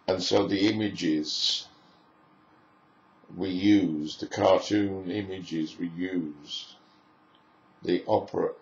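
A low, gravelly male voice delivers a lecture at an unhurried, musing pace, stringing together long lists of phrases. The recording is roomy and a little dull and lo-fi, with a faint hiss underneath. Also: a little mellow. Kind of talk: spoken lecture. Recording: echoey room, dull lo-fi sound.

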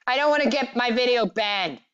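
Slightly high woman gaming on muffled chat. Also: lively intonation, a little fast, a bit bright, clean tone. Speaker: video channel owner.

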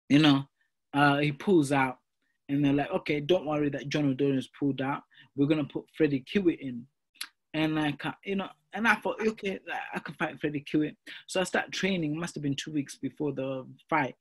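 This young pro boxer's pitch runs fairly high, with a breathy edge to it. Chatting casually in an interview about his career, he gets animated and keeps dropping in "you know" and "mate."

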